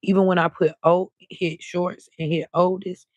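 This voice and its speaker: A woman's voice: lowish voice, level tone, moderate pace, a little mellow, dry recording. A woman hosting a casual late-night livestream, chatting freely and greeting viewers by name, drawing her words out. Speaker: livestream host.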